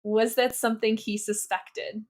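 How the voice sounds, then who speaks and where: Slow-talking young woman reading questions. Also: a little high, flat delivery. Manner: unhurried, laughs along. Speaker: podcast co-host. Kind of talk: casual chat, reading questions.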